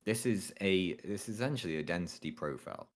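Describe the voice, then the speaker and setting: Man with an extremely low voice, co-host explaining things tentatively in casual chat. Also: animated, brisk. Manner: tentative, admits uncertainty openly.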